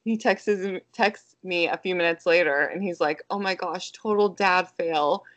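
A woman's voice: fairly low pitch, moderate pace, fairly bright tone, no room sound. A young adult woman co-hosting a podcast, telling family stories in a chatty, laughing way. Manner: chatty storytelling with frequent laughs and "like". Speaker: podcast co-host. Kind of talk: casual chat.

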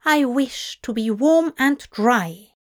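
A woman's voice: sits high, expressive, slow pace. Lady doing a prissy grumpy angel guy, short clipped lines. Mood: prim irritation. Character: prim, irritable male angel.

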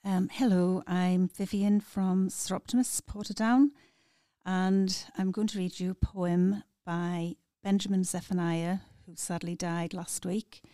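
A woman, a community volunteer, reading a humorous poem aloud with chatty asides and lively emphasis. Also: fairly low pitch, unhurried, no room sound, studio quality. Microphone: studio microphone.

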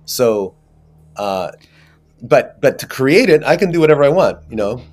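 A man's voice: medium pitch, sing-song, moderate pace, a little mellow. A man, an actor, talking casually in an interview, rambling with many restarts and fillers. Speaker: actor guest.

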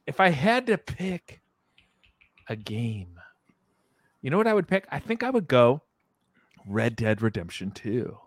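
A man's voice: medium pitch, big pitch swings, unhurried, pauses often, no room sound. A man hosting a casual gaming podcast, playful and hammy, laughing often as he talks over a video call. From Southern California. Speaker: podcast co-host.

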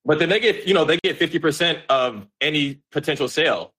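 A man's voice: a little high, fairly quick, bright, forceful tone. Easygoing man in casual sports chat. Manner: easygoing, agreeable, with short affirmations. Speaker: podcast co-host.

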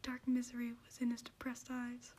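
A woman with a high voice reads a story aloud in a soft, hushed whisper. A faint hiss runs in the background. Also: monotone, moderate pace.

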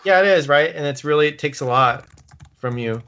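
Bright-voiced man casually hosting a podcast. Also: a little high, a little fast. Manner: relaxed, laughing, rambling storyteller. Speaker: podcast host. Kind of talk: casual chat. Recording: dull lo-fi sound.

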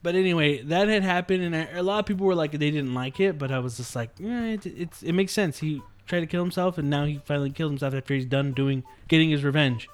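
Animated young man telling a story. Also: quick pace, hardly any pauses, clear, resonant tone. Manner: animated storyteller, acts out quotes with big pitch jumps. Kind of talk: casual chat.

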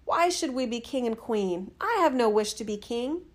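A woman's voice: a little high, expressive, moderate pace. A woman voicing a timid fisherman who hesitates to obey his wife. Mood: troubled. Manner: meek and hesitant. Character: timid reluctant old fisherman husband.

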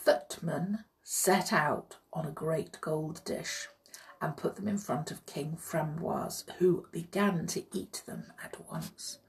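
A woman reading a children's story aloud, expressive and hushed in places. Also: fairly low pitch. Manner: expressive, hushed and breathy at times.

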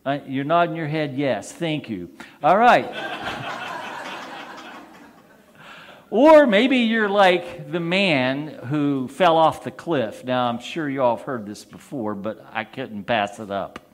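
A man's voice: fairly high pitch, animated, takes it slowly. A man, a priest, preaching a conversational sermon and asking his congregation questions.

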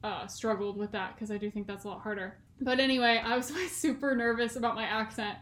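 A woman's voice: on the high side, quick pace, a bit bright. Chatty young woman in an echoey room. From California. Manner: chatty and rambling, many "like" fillers, laughs often. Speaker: podcast co-host. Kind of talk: casual chat.

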